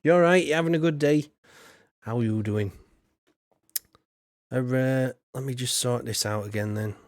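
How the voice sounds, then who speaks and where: A man's voice: medium pitch, moderate pace, no room sound, clean studio sound. A man streaming a farming game, rambling casually and greeting viewers by name. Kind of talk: casual gameplay commentary.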